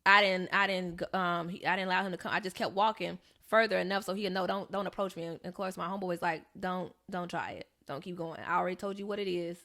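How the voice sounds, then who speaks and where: Animated young woman telling a story, gravelly. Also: on the low side, quick pace, few pauses. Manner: animated storyteller, acts out quoted voices. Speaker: podcast co-host. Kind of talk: casual storytelling chat.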